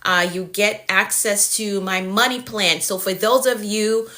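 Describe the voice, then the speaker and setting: A woman's voice: mid-range voice, fairly even intonation, a little slow, sharp tone. A woman in her forties, a life coach hosting a live stream, greeting viewers in an upbeat, welcoming way and repeating her greetings.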